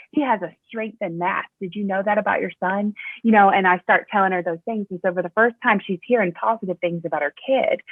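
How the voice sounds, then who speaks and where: A woman assistant principal telling a personal story in an interview, animated and full of fillers. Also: on the low side, dry recording. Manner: animated storyteller, fillers, voice jumps up when quoting. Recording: tinny phone-line audio, dry.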